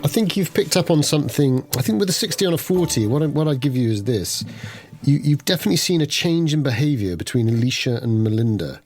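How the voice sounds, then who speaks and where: A man's voice: medium pitch, big pitch swings, quick pace, few pauses, a little mellow. A man as game master, narrating a horror tabletop game and calling for rolls. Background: background music.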